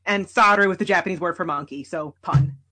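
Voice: mid-range voice, quick pace, a bit bright. A podcast co-host casually chiming in with game trivia and corrections. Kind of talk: casual chat.

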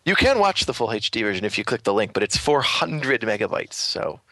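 A man's voice: fairly low pitch, big pitch swings, a little fast, sharp tone, no room sound. A man co-hosting a podcast, chatting casually in a dry, teasing way. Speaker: podcast co-host. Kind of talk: casual chat.

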